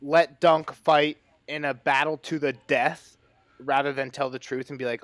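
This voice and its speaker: A man with a fairly high voice retells the story to his co-hosts in a lively, rambling way, full of "like". The sound is dry and close, with no room around him. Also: moderate pace, no room sound. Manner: animated retelling, heavy use of "like". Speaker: podcast co-host. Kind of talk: casual book discussion.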